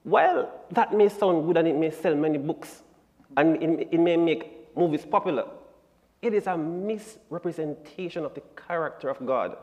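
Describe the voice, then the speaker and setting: A man teaching a Bible lesson in church, deliberate and emphatic, leaning hard on key words. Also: fairly high pitch, animated, a little mellow, muffled recording. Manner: deliberate and emphatic, building to strong stresses. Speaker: Sabbath School lesson presenter. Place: church sanctuary. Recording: long church-hall reverb.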